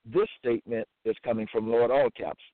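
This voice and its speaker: A man preaching alone, reading scripture verses aloud in a slow, formal, deliberate cadence. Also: mid-range voice, fairly even intonation, no room sound. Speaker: self-styled religious preacher. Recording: tinny phone-like dry audio.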